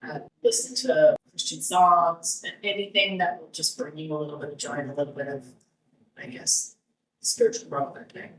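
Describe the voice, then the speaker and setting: A woman's voice: low voice, flat delivery, moderate pace. Woman talking from a distance in a roomy space. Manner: rambling, with many restarts and fillers. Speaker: guest, cancer survivor. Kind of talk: casual conversational interview.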